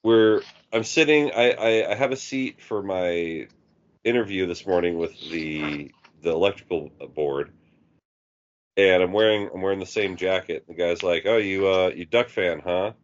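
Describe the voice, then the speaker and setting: Low-voiced man telling crude stories. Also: measured pace, slight background noise. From Eugene, Oregon. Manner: profane, storytelling, laughs at own jokes. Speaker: podcast co-host. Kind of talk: casual chat. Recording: dull lo-fi sound.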